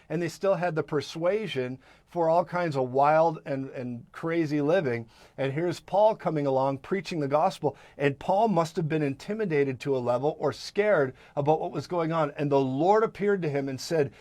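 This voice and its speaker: Male broadcast preacher, fervent and emphatic, fairly high voice, dry close sound. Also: darkish tone, no room sound. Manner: fervent, emphatic, with quick asides and repetitions. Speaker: prophetic minister and broadcast host.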